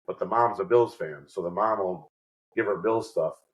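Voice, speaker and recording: A man with a fairly low voice chats casually on a podcast, spinning loose, rambling anecdotes. He drops into quick impressions of the people in his stories, then falls back into an easy, offhand tone. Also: low-quality recording. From New York. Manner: rambling storyteller, acts out quotes. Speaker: podcast co-host. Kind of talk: casual chat.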